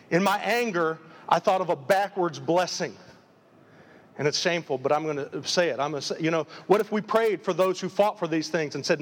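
A man preaching a live sermon as pastor, emphatic and full of repeated rhetorical questions. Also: sits high. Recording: long reverb of a large hall.

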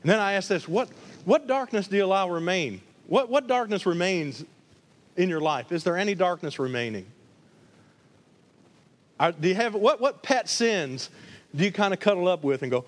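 Pastor, male, from around Detroit; higher voice, animated sermon delivery. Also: normal speed, long pauses. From Detroit area. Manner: animated preaching, acts out voices in stories.

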